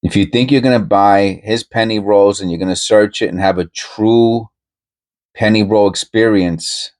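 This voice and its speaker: A man with a fairly low voice talks casually to his viewers about coin hunting. He rambles, restarts his sentences and breaks off mid-thought. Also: steady tone, moderate pace, a little mellow. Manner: rambling, self-interrupting, conversational. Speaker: coin-hunting channel host. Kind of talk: casual commentary to camera.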